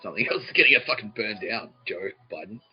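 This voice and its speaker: A man's voice: fairly low pitch, lively intonation, fast. Rambling profane man. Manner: profane, rambling, often laughing mid-sentence. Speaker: podcast host. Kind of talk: rambling comedic monologue. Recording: dull lo-fi recording with faint music.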